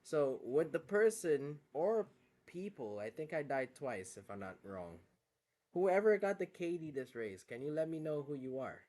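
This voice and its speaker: This man's voice sits fairly high, with big swings in pitch, a measured pace and a darkish tone. He's streaming a racing game, bantering in a relaxed, slangy way and laughing often, with West African English audible on the phone call.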